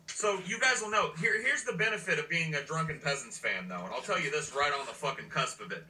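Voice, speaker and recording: A man's voice: fairly high pitch, animated, fast talker, pushed and bright, echoey room, distant mic, slight background noise, rough recording. A man co-hosting a podcast in a casual, profane, rambling chat. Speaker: podcast co-host.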